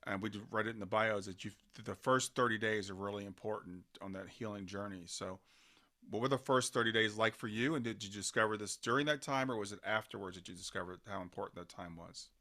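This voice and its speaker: A man hosting an interview podcast, asking questions in a halting way and murmuring agreement often. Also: lowish voice, bright, forceful tone. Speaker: podcast host. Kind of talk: conversational interview.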